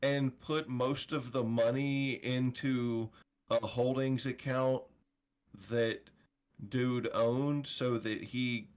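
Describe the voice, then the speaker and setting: A man with a mid-pitched voice in relaxed podcast chat. He chimes in easily and goes along with the others. He talks about film in a plain, easygoing way. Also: slow pace, clear, resonant tone. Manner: laid-back, agreeable, chimes in. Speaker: podcast co-host. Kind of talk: casual film review chat.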